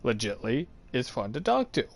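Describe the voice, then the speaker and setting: A man's voice: medium pitch, moderate pace, creaky. A man telling a personal story in a casual chat, acting out the voices of the people in it. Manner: animated, acts out quoted voices.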